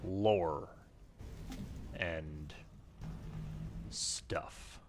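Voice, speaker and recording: A man streaming a game and chatting casually in quiet, mumbled asides to himself. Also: deep voice, very slow, background noise. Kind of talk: casual gameplay chat.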